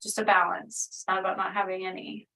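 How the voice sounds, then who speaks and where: Woman healer, rambling and earnest, with fry in the voice and a distant mic. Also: medium pitch, level tone, fast talker, sharp tone. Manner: meandering, filler-heavy, earnest. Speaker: spiritual healer channeling energy. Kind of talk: casual spoken energy reading.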